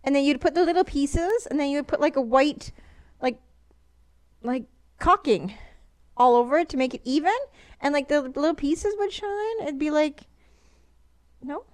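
Brief: high-pitched woman co-host, giggly, rambles through stories. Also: animated, normal speed, long pauses. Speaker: podcast co-host. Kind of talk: casual chat.

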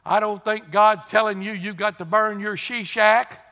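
Folksy preacher in a reverberant hall. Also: male voice, sits high, fairly even intonation, unhurried, sharp tone. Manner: folksy preaching with rising emphatic repetition. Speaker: pastor. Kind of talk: sermon.

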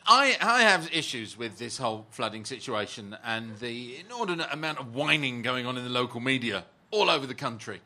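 A man's voice: medium pitch, animated, fairly quick, few pauses, bright, forceful tone. A man on a comedy panel, delivering dry, sardonic remarks.

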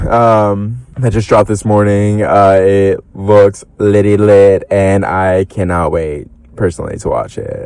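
Young guy podcast host dishing reality tv gossip, lots of "like" and "um", swears a lot, jumps way up high quoting people, dry close sound. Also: clean tone, no echo, poor audio. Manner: animated, lots of fillers, swears, breaks into high-pitched quoting. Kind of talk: casual gossip commentary.

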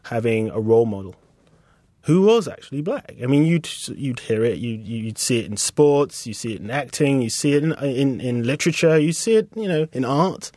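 A British man in his thirties, a designer being interviewed, speaking reflectively and haltingly with many restarts. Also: medium pitch, lively intonation, a little mellow, no room sound. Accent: British English. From England. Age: 30s. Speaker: guest designer. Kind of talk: casual interview conversation.

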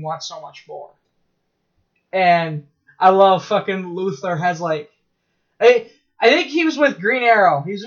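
A man co-hosting a podcast chats casually, telling stories in an excitable, rambling way full of swearing and laughs. His voice sits high, and the sound quality is lo-fi.

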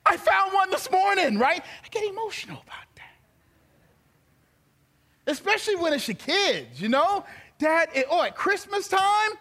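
High-voiced, animated preacher man. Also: moderate pace. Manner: animated preaching, swings from soft to loud; gets emotional and laughs while speaking. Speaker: pastor. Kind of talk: sermon.

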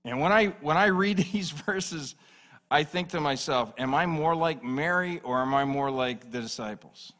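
A man's voice: fairly high pitch, normal speed, a bit bright. A man preaching a sermon as pastor, emphatic and repeating phrases for stress.

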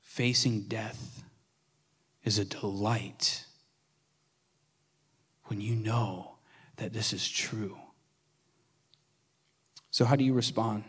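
A male pastor preaching a sermon with earnest, shifting emphasis, at times dropping to a hush and then building up again. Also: fairly low pitch, fairly even intonation, very slow, pauses often, breathy edge. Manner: earnest preaching, swings between hushed and emphatic. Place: church sanctuary.

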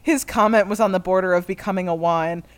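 A woman's voice: on the low side, a little fast. A woman reading fan fiction aloud to friends, often breaking into laughter as she goes. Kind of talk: comedic dramatic reading.

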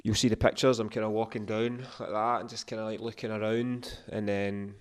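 A man's voice: on the low side, flat delivery, brisk, clean tone, dry recording. A man, a podcast guest, telling an emotional story in casual chat, swearing often.

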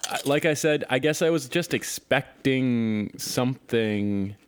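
A man co-hosting a casual podcast chat, talking playfully and rambling with quick asides. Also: mid-range voice, a little hiss or hum. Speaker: podcast co-host.

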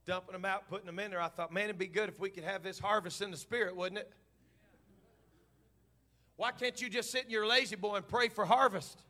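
A middle-aged man with a high-sitting voice preaches a sermon in church, shifting between quiet storytelling and shouted, fervent preaching.

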